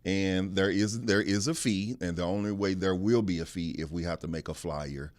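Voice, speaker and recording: A Texan man with a very deep voice hosts a casual podcast from a studio. He speaks emphatically, repeats his lines for effect, and breaks into loud laughter. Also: normal speed. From Texas, USA. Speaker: podcast host.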